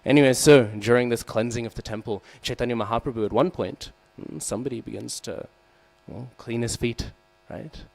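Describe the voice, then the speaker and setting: This man speaks a little fast with vocal fry and a slightly mellow tone, barely pausing as he teaches scripture in a temple hall. He checks in with "hmm?" and "right?" and acts out quotations in a raised voice, all on a rough recording with mains hum underneath.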